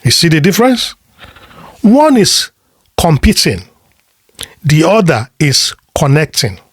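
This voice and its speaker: A man coaching listeners on relationships, speaking slowly in short, emphatic phrases. His voice sits a little high and swings widely in pitch. Rhetorical questions and repeated words when he restarts a thought mark his delivery, and the sound is dry and close. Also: big pitch swings, breathy edge, dry recording. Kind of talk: motivational advice talk.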